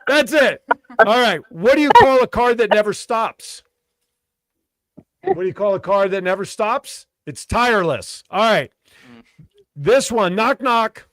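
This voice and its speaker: A man's voice: high voice, animated, a little slow, a bit bright, dry recording. A man hosting a casual radio show, telling dad jokes and repeating each setup twice.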